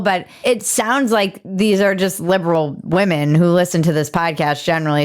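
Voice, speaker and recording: A woman's voice: fairly low pitch, clean tone. A woman hosting a podcast, giving casual, opinionated commentary in an irreverent, sarcastic way and swearing casually. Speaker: podcast host.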